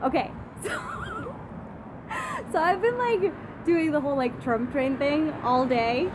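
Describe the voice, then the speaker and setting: High-voiced chatty young woman outdoors. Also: unhurried. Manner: chatty, giggly, heavy use of "like". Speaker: vlogger. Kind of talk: casual storytelling vlog. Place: outdoors outside a brewery. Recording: noisy outdoor phone recording. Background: passing cars.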